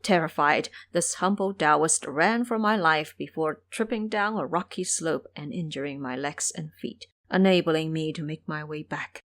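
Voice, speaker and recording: A woman's voice: sits low, normal speed, few pauses, a bit bright, no echo. A woman voicing a demon disguised as an injured old male Taoist, pleading and whimpering for help.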